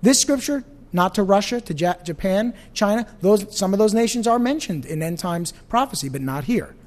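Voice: mid-range voice, lively intonation, moderate pace, darkish tone. A pastor teaching an evening Bible study in a conversational way, often asking the audience questions.

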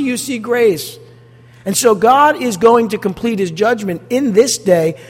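A man preaching a sermon as pastor, animated and full of rhetorical questions to the congregation. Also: very high-pitched, long reverb tail.

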